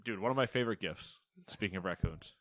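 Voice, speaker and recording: A man co-hosts a casual gaming podcast, joking and laughing while running through a list of news. His voice sits low and a bit bright, he talks fast, and there is no echo.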